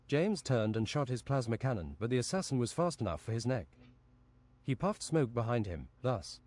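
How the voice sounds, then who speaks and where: A man reading an absurd fantasy story aloud on a stream in a deadpan, matter-of-fact way. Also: mid-range voice, normal speed.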